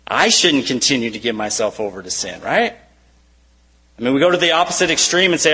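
A man preaching a sermon with a bright, forceful voice. His delivery is conversational and full of "you know" asides. He keeps asking rhetorical questions. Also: mid-range voice, expressive, fairly quick, low-quality recording. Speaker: pastor.

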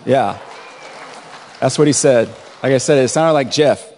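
A male pastor reading scripture and telling a story from his week in a relaxed, conversational sermon. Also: mid-range voice, a little slow, a faint crowd, slight background noise. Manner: relaxed conversational preaching, chuckles at his own stories. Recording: long hall reverb.

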